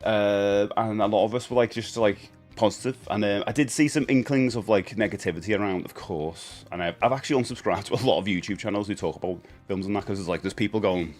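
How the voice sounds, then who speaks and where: A man's voice: on the low side, fast, hardly any pauses, darkish tone, soft background music. A man hosting a live stream in casual chat, rambling and greeting viewers as he goes. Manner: chatty, rambling, greets viewers, stumbles and repeats.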